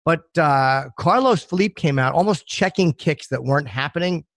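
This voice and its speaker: A man's voice: on the high side, animated, moderate pace, vocal fry, a bit bright, no room sound. Hesitant man on a dry call. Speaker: podcast co-host. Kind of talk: casual chat. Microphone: video call.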